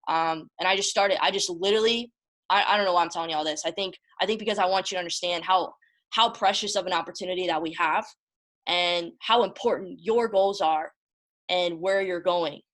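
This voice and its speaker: A woman's voice: on the low side, a little fast, fairly bright tone. Emphatic woman giving a pep talk. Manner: emphatic, repeats words, addresses listeners as y'all. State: emotional, close to tears. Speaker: motivational host. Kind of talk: casual motivational talk.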